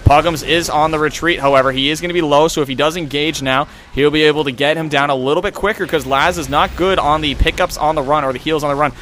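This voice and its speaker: A young man in his twenties calling a video game match play by play, rapid and excitable. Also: a little high, a little hiss or hum. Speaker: esports caster.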